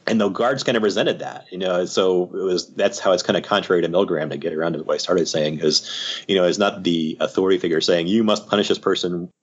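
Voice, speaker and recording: A man's voice: deep voice, steady tone, a little fast, slightly rough. A man who works as a psychiatrist, talking through ideas as a podcast guest in a rambling, conversational way full of "you know" asides. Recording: slightly muffled lo-fi audio.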